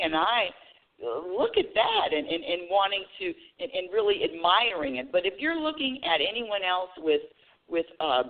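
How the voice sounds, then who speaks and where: A woman hosting a live talk radio show, telling a story in a chatty way. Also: lowish voice. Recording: tinny phone line.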